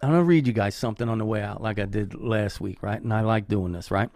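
A man's voice: lowish voice, fast, hardly any pauses, darkish tone, no room sound. A man hosting his own channel, talking to camera in a loose, earnest way, full of fillers and restarts, from his home studio. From Irish heritage. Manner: rambling, earnest, many fillers. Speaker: YouTube host. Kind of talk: casual talk to camera.

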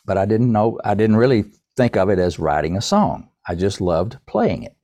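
Older man, low voice, folksy storyteller. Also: sing-song, dark tone, dry recording. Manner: folksy, unhurried, addresses the host by name. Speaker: podcast guest. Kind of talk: casual storytelling.

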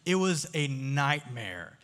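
A youth speaker with a mid-range, sing-song voice and a fairly bright tone takes his time, preaching slowly to a live crowd in a large room. His sermon is casual and story-based, chatty and joking, often asking the audience questions, and the recording has long hall reverb.

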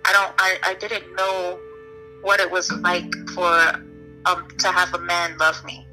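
A young woman guest speaking candidly in an interview, halting and restarting often with many "you know"s. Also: lowish voice, completely flat delivery, pushed and bright, soft background music, low-quality recording. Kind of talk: personal story in an interview.

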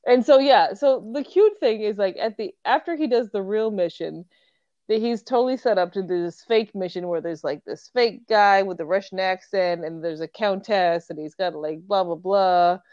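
Woman, casual chat, relaxed and slangy, lo-fi dry recording. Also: mid-range voice, dry recording. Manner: laid-back, slangy, quick interjections. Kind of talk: casual chat retelling a story.

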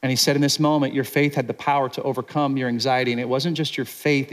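A man preaching a sermon in a casual, conversational way, acting out what the people in the story are thinking and dropping to a quiet, intense voice for serious points. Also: mid-range voice, fairly even intonation, quick pace, few pauses. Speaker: pastor.

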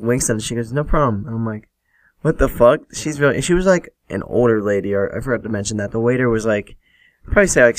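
A man's voice: medium pitch, dry recording. Young man casually telling stories. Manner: casual, laughing, swears freely, acts out quotes. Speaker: podcast host. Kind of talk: solo storytelling podcast.

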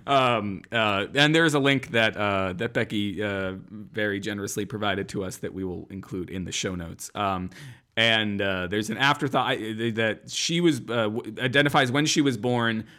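A man's voice: lowish voice, normal speed, sharp tone. A man co-hosting a casual podcast, rambling with lots of fillers. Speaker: podcast co-host. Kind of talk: casual chat.

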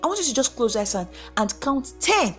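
Nigerian woman, motivational vlogger, preachy and animated, swoops up and down. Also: on the high side, brisk, soft background music. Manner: animated, preachy, acts out quoted voices. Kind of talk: motivational faith talk.

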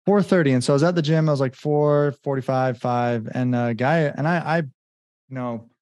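A man's voice: medium pitch, normal speed, a little mellow, no room sound. A man, a business coach and guest, telling his story in a rambling casual way with many fillers and acted-out quotes. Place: home in Mexico.

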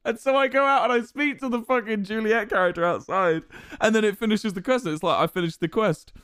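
A man's voice: high-pitched, fairly quick, a bit bright, clean tone, dry recording, clean studio sound. A man in his thirties telling a gaming story in casual style, swearing freely, laughing a lot and often restarting his sentences.

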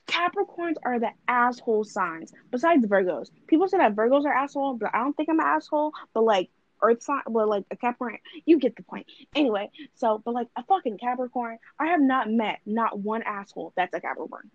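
A woman's voice: on the high side, animated, a little fast, no room sound, highs cut off. A young woman co-hosting a podcast, talking bluntly and rambling with lots of fillers and swearing. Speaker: podcast co-host. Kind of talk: casual chat.

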